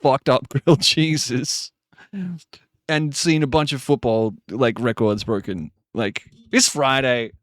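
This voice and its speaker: A man's voice: mid-range voice, takes it slowly, no room sound, clean studio sound. A man chatting casually on a live stream, rambling and joking, with frequent swearing. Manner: rambling, jokey, swears often.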